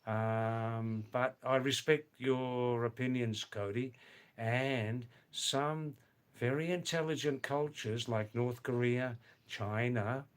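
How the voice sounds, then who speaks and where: An older man in his seventies speaks with a mild Australian accent, easing toward a neutral middle-of-the-road sound. He talks very slowly and deliberately, musing aloud and pausing to call viewers by name as he answers comments on his live stream. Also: medium pitch, smooth. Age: 70s. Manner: unhurried, musing, pauses to address viewers by name. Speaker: livestream host. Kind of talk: casual live chat reading viewer comments.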